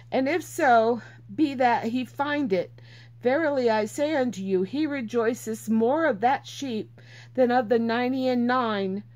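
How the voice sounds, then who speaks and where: A woman's voice: fairly high pitch, a little mellow. A woman reading Bible verses aloud and teaching from them in an earnest, informal way, repeating herself for emphasis.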